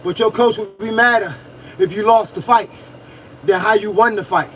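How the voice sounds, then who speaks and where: High-voiced boxing coach preaching to viewers. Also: male voice, moderate pace, fairly bright tone, far from the mic, slight background noise, rough recording. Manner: preachy, repetitive, talks to viewers, grunts while punching a bag. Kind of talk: livestream coaching talk.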